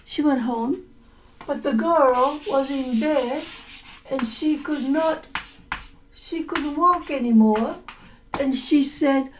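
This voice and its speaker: Woman teacher, story-listening lesson, repeats and explains words, slow, high voice. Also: a little hiss or hum, low-quality recording. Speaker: language teacher. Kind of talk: story-listening lesson, retelling a folk tale.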